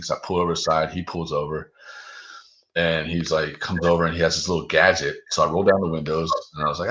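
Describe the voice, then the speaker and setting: Deep-voiced man telling a story. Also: fast talker, fairly bright tone, highs cut off. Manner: loose and profane, peppered with 'dude' and 'like'. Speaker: guest. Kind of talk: casual storytelling.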